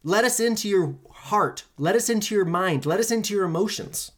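A solo podcast host in full impassioned flow, preaching to listeners with emphatic repetition and casual swearing. The pitch leaps up and drops low from line to line, and the pace keeps changing. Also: lively intonation, normal speed, slightly rough. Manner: pitch and pace swing widely between lines.

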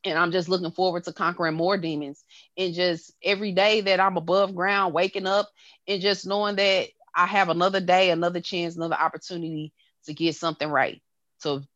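A woman's voice: lowish voice, steady tone, fairly bright tone, no room sound, dull audio. A woman in her thirties hosting a podcast, talking casually and candidly with lots of fillers and frequent laughter. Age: 30s. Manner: candid and loose, often breaking into laughter; drawn-out pauses and filler-heavy phrasing. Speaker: podcast host.

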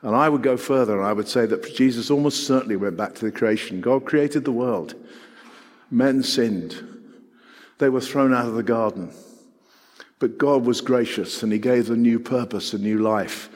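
Middle-aged preacher, earnest sermon delivery with rhetorical questions, long reverb of a hall. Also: male voice, medium pitch, normal speed. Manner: earnest, rhetorical questions, shifting between loud and hushed.

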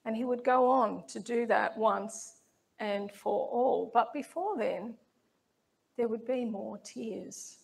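Slow, gravelly-voiced woman preaching. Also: fairly high pitch. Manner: slow, measured, reflective delivery. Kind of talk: sermon reading scripture.

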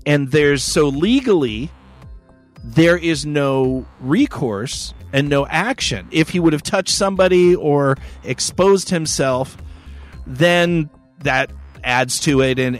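A man hosting a podcast, telling a story in a profane, rambling, wry way. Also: medium pitch. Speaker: podcast host. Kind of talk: casual storytelling chat.

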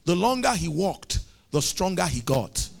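A man preaching a sermon, retelling stories with acted dialogue and building to shouted, emphatic climaxes. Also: sits high, sing-song, unhurried, gravelly.

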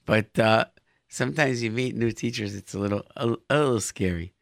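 A man's voice: on the low side, a little fast, gravelly, dry recording, studio quality. A man hosting a call-in radio show, chatty and encouraging, often repeating his phrases.

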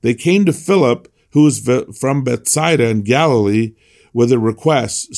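A man's voice: medium pitch, unhurried, darkish tone. A man teaching a devotional Bible class in a conversational way, often restarting his sentences and reading scripture aloud.

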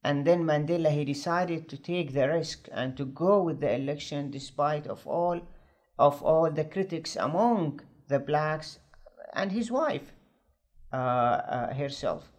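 Halting male political commentator. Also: on the high side. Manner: halting, searching for words, earnest. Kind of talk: news discussion.

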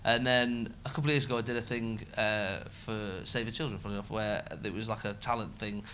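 A man, a comedian chatting casually as a guest, rambling and self-mocking with bursts of loud laughter. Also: fairly low pitch, steady tone, a little fast, a little hiss or hum. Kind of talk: casual podcast chat.

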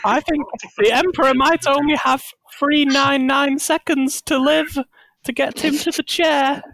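A man voicing a nervous lowly palace guardsman in a raised, theatrical voice. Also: fairly even intonation, measured pace, fairly bright tone, heavily acted, low-quality recording. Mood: fussy.

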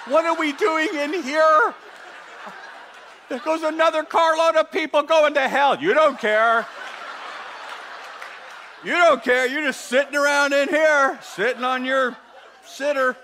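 A man voicing a fired-up male evangelist who scolds churchgoers for sitting idle, in an urgent, exasperated, shouting manner. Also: very high voice, steady tone, measured pace, long pauses, a faint crowd, a little hiss or hum, pitched above the performer's own voice, heavily acted.

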